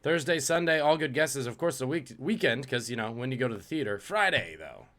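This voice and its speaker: A man's voice: mid-range voice, lively intonation, fairly quick, a bit bright. A man hosting a live-streamed trivia quiz, reading questions and joking about viewers' guesses. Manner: jokey, reads out questions and chat guesses. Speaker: trivia host.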